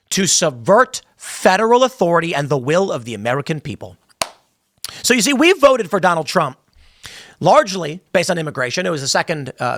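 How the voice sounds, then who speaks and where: Male pundit, high and bright, dry close sound, pushy delivery that trips over itself. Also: no echo. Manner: emphatic, stumbles and repeats words, acts out quotes. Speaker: political commentator. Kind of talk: opinionated political commentary.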